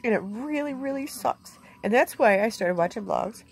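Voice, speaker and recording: A woman's voice: a little high, lively intonation, normal speed. A middle-aged woman vlogger speaking candidly and emotionally in a plainspoken, heartfelt way from inside a camper. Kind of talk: candid personal vlog.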